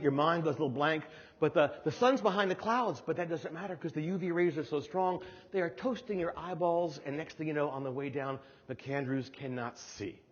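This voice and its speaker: Telling a humorous story as a keynote speaker, a middle-aged man from New Jersey brings energy and slips into character voices for each scene. His voice is husky and a touch high, while the recording comes across muffled and dull, echoing like a large hall.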